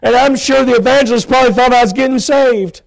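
A man preaching a sermon in a church, telling his own story with feeling and rising to loud pleading. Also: extremely high pitch, quick pace, creaky. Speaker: pastor. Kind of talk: sermon testimony. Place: church sanctuary.

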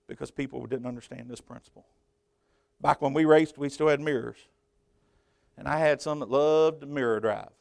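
A man preaching from a church pulpit, swinging between loud, high-pitched emphasis and quieter conversational asides. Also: vocal fry, no echo. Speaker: pastor. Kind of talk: sermon.

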